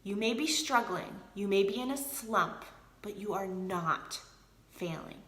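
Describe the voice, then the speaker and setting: A woman's voice: medium pitch, lively intonation, unhurried, fairly bright tone, echoey room. A woman leading a sales team, chatting casually and energetically in a motivational live video, answering viewers by name. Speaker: team leader of a direct sales group.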